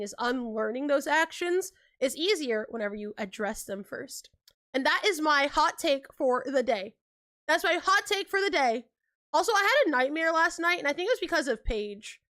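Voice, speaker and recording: A woman's voice: high-pitched, fairly bright tone. A young woman from California chatting casually on a livestream, telling stories with lots of "like", acting out quotes and laughing often. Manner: says like a lot. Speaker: livestream host.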